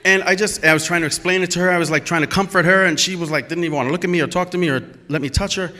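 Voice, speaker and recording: Bright-voiced man telling a story on stage. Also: high-pitched, racing. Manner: animated, emphatic, acts out quoted dialogue. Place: stage at a live storytelling event.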